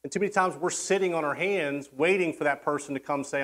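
A man's voice: a little high, normal speed, fairly bright tone. A man preaching a sermon in a casual, conversational way, acting out quoted voices and often restarting his sentences. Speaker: pastor.

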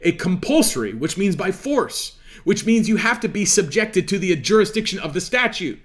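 A man lectures on law with a fairly high voice that swings up and down with lively emphasis. He talks like a preacher, driving points home and asking rhetorical questions. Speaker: legal commentator. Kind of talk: explanatory talk on law.

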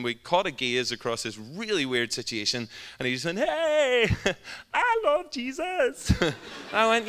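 A Northern Irish man preaching a sermon. He tells an animated, humorous story and his voice sounds bright and forceful. Long reverb from a large hall trails behind each phrase. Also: mid-range voice, clear, resonant tone. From Northern Ireland.

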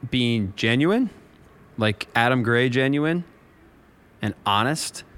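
A man co-hosting a podcast, chatting casually with an expressive, up-and-down delivery. He sounds enthusiastic and reflective, and his voice sits at a mid pitch. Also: slow, clean tone. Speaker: podcast co-host. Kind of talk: casual chat.

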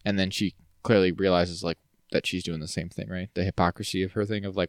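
Fast-talking low-voiced male podcast host. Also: level tone, dry recording, studio quality. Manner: rambling, playful, acts out lines in silly voices. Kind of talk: casual chat recapping a TV episode.

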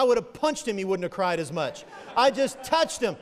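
A middle-aged man preaching a sermon, telling stories animatedly and swinging from loud emphatic peaks to low quiet asides. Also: big pitch swings, moderate pace, hardly any pauses, big-room sound, a faint crowd. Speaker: pastor.

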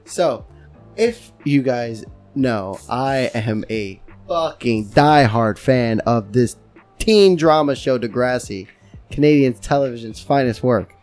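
A man hosting a casual podcast, excitable and profane, laughing as he talks. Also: mid-range voice, slow, soft background music. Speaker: podcast host.

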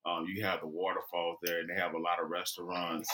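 Very deep voiced guy, bright edge, lots of ums, slight noisy background. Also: level tone, fairly quick. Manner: laid-back, hesitant with many ums. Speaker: co-host. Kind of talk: casual chat.

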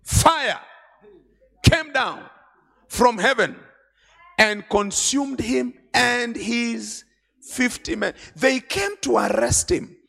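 A man preaching a sermon at a conference, retelling scripture and stories with dramatic swings from quiet to shouting. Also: very high-pitched, drawn-out words, creaky, long pauses. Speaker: bishop preaching. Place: large conference hall.

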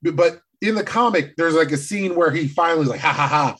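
A man co-hosting a casual movie discussion, excitable and animated, swearing freely as he talks. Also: on the high side, fast, breathy edge. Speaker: podcast co-host.

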